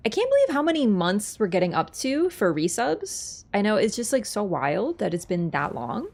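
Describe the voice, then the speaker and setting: A woman's voice: mid-range voice, wildly swooping pitch, normal speed, vocal fry, few pauses, a little mellow, soft background music. A young woman from Canada chatting casually with her livestream viewers, rambling with lots of fillers. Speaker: streamer.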